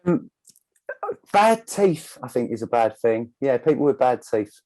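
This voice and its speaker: A man's voice: mid-range voice, very animated, unhurried, dark tone, rough recording. A man, a singer guest on a podcast, talking in a laid-back way, laughing easily and calling the host mate. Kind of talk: casual interview chat.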